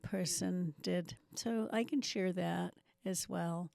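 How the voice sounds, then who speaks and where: Gravelly-voiced older woman from New Zealand. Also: fairly low pitch, slow, darkish tone, dry recording. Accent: faint New Zealand. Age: 70s. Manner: chatty storyteller with self-mocking asides. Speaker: guest missionary. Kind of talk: testimony interview.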